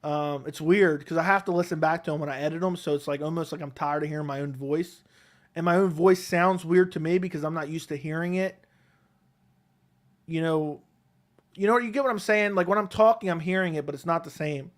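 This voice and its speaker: A man hosting a casual live stream at home, reading chat questions and answering them in a relaxed, rambling way on a close desk mic. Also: a little high, fairly quick. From Connecticut, USA. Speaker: MMA YouTube host reading live chat. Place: home, seated in a chair. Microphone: close desk microphone.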